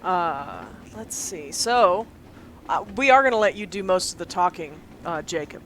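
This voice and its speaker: A woman's voice: on the low side, expressive, a bit bright, a little hiss or hum. Chatty laughing woman at a game table. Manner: chatty, laughs often, quick asides. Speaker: player. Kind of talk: casual tabletop game chat.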